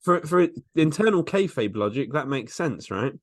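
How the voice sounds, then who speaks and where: A man's voice: on the high side, very animated, normal speed, no echo, clean studio sound. A man co-hosting a podcast in casual chat, often laughing as he recounts things. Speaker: podcast co-host.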